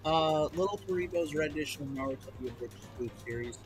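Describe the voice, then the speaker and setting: A man's voice: on the high side, fast talker, over music. A man co-hosting a game stream, playful, greeting chat and joking with his partner. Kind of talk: casual live-stream chat.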